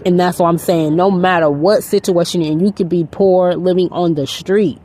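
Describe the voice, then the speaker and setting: Woman faith vlogger with a lowish voice, casual and earnest, telling the story in a loose ramble. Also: fairly even intonation, normal speed, mellow, a little hiss or hum. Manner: rambling and earnest, with frequent "you know". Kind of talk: casual storytelling, retelling a film.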